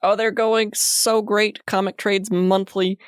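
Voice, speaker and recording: A man co-hosting a casual podcast, playful and giggly as he reads plugs and shout-outs. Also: sits high, flat delivery, slow, smooth, dry recording, studio quality. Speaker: podcast co-host.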